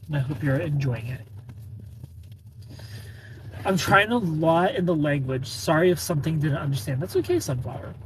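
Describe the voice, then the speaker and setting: Male streamer, slightly high voice, playful, laughs a lot, faint noise behind. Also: normal speed, pauses often. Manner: greets viewers by name, laughs often, playful. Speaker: live streamer. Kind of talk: casual live-stream chat.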